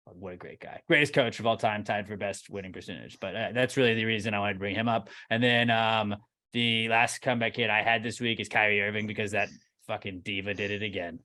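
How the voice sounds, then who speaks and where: Low, bright-toned man ranting bluntly. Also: fairly even intonation, brisk. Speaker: podcast co-host. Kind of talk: casual chat.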